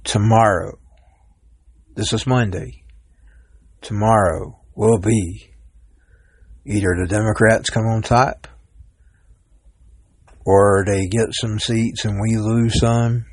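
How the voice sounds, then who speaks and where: A man's voice: lowish voice, steady tone, takes it slowly, pauses often, no room sound. A man hosting a solo podcast, rambling and stumbling over words as he reads headlines aloud. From Georgia, US South. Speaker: podcast host.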